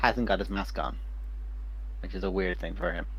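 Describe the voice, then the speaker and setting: A man's voice: low-pitched, normal speed, slight background noise. A man running a tabletop game as game master, narrating in a casual manner and swearing freely.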